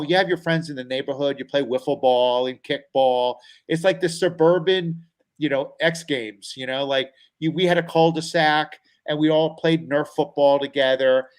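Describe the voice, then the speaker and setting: Animated man telling a story. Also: on the high side, low-quality recording. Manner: animated storyteller, acts out quoted voices. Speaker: comedian guest. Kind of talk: storytelling on a talk show.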